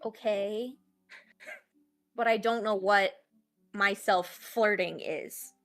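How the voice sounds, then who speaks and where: Hesitant bright-voiced woman player. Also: medium pitch, steady tone, slow, faint music behind. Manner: hesitant, trailing off with fillers. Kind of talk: tabletop role-play, in and out of character.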